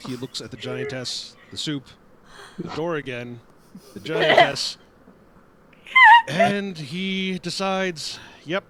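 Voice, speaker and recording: Man telling a story with lively pitch. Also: slow pace, pauses often, noisy background. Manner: laughing, self-correcting storyteller. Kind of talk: improvised storytelling.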